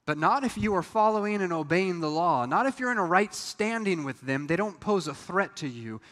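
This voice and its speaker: A man's voice: high-pitched, animated, normal speed, a bit bright. A man preaching a sermon as a pastor, talking to the congregation conversationally and acting out quoted lines. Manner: conversational preaching with acted asides. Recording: reverberant hall.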